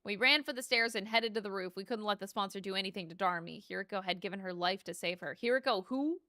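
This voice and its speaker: A woman streamer reading game dialogue aloud during a playthrough, expressive, swearing and joking to chat. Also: mid-range voice, fast talker, a little hiss or hum.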